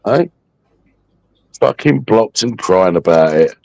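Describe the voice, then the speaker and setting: Guy on a live stream, low voice, swears nonstop, mocking, dry close sound. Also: lively intonation, slow, vocal fry, a little mellow, dry recording. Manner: mocking, aggressive, swears constantly. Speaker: livestream host. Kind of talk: profane, taunting livestream rant.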